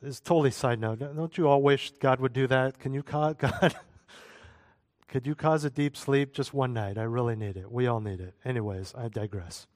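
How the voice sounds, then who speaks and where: A man's voice: mid-range voice, normal speed, darkish tone, no echo. A man preaching a sermon as a pastor, conversational, with asides and jokes.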